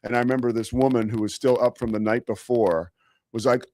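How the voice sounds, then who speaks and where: A man's voice: medium pitch, steady tone, fairly quick, darkish tone, no echo. A man hosting a sports talk show, telling a story in a rambling, self-mocking way with lots of fillers. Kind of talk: casual storytelling monologue.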